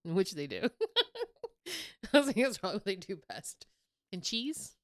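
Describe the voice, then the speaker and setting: A young woman co-hosting a podcast in casual chat, animated and laughing often. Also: medium pitch, a little slow, no echo, clean studio sound. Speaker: podcast co-host.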